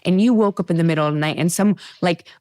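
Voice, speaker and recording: A woman from the Pacific Northwest hosting a casual chat, animated and swearing freely. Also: on the low side, fast, dry recording. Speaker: podcast host.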